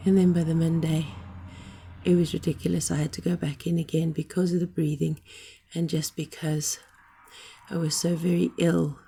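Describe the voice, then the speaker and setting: A middle-aged woman recovering from illness, talking casually to camera, hoarse and short of breath, rambling and apologetic. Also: sits low, flat delivery, normal speed, mellow. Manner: rambling, apologetic, frequent ums.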